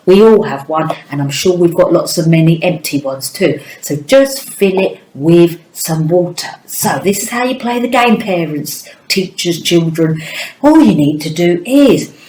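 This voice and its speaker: A woman teaching phonics to young children, speaking very slowly and warmly encouraging. Her voice sits a little low, and the room around her is echoey. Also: expressive. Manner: slow, encouraging, sounds words out.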